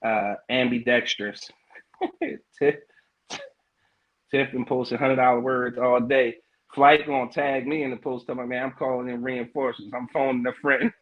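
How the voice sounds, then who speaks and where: A middle-aged man hosts a casual podcast livestream, reading out comments as he goes. He talks loose and hyped, heavy on slang and fillers, and his voice sits at an ordinary middle pitch. The audio is a little dull and lo-fi. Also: flat delivery, a little fast, a little hiss or hum. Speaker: podcast host.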